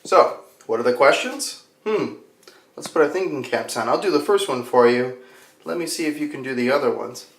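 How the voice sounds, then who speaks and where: A man's voice: mid-range voice, animated. Playful male ESL teacher. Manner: playful, slow and clear for learners. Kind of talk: grammar lesson for English learners.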